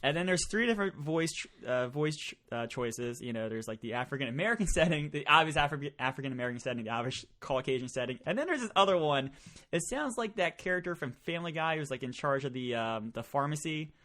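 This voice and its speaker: A man's voice: fairly high pitch, quick pace. A man hosting a podcast, telling stories in casual chat, swearing often and laughing as he goes. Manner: profane, laughing, animated storytelling. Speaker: podcast host.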